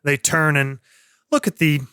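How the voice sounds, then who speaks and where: Higher-voiced man running a tabletop game. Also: a little slow, smooth, no room sound, clean studio sound. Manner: relaxed, hesitant with fillers. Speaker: game master.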